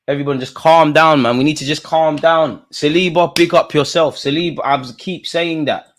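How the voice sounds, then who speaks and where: Excitable young football streamer. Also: male voice, normal speed. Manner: shouts at players and ref, swings from mutters to high yells. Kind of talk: live match reaction commentary.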